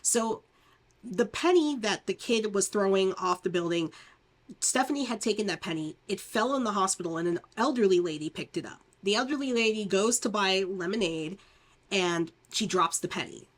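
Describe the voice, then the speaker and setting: A woman's voice: medium pitch, expressive, normal speed. A woman reviewing horror movies, recapping a plot in a rambling, chatty way full of fillers and restarts, laughing often and acting out the characters' lines.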